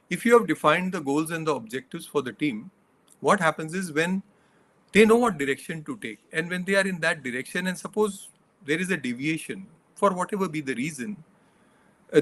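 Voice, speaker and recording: A man's voice: on the high side, fairly bright tone. A middle-aged man, a leadership coach, giving earnest interview answers that he builds from examples and numbered points.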